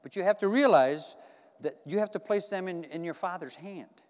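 In a church sanctuary with long hall reverb, a man preaches a folksy, conversational sermon, repeating himself and asking the congregation questions. His voice is high and a little mellow, at a moderate pace.

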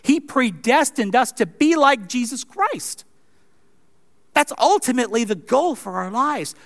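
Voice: medium pitch, lively intonation, unhurried, creaky. A pastor preaching a sermon in a conversational way, with wry asides.

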